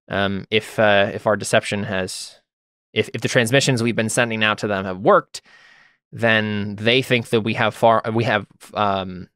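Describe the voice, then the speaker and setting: A man voicing a calm, confident fleet commander in a tabletop game, speaking in a measured, reassuring way. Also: lowish voice, smooth, no room sound, studio quality, natural voice.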